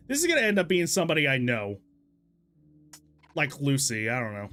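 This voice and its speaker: A man's voice: medium pitch, wildly swooping pitch, fairly quick, long pauses, pushed and bright, slight background noise. A man streaming a story game, rambling casually, swearing freely and laughing at himself. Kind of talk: casual let's-play commentary.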